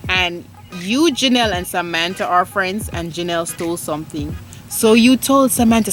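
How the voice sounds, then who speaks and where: A woman's voice: lowish voice, normal speed, faint music behind. A woman hosting a casual vlog with her little sister, teasing her and laughing often. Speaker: vlog host, older sister. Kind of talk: casual chat.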